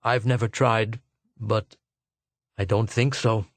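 A man voicing a weary aged male Earthman, husky and halting as he speaks. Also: steady tone, dry recording. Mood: subdued. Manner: halting, low and subdued.

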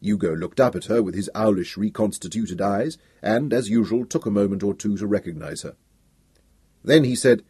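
A man reading a novel aloud as narrator, measured and expressive. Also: on the low side, slightly rough, dry recording, clean studio sound. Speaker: audiobook narrator. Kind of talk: scripted narration.

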